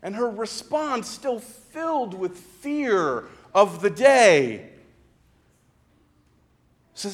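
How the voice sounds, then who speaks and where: A male preacher delivers a sermon in a high, animated voice that rises and falls widely. He speaks slowly and dramatically, pausing often and dropping into hushed tones for emphasis. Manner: slow and dramatic, with pauses and quiet, hushed retellings.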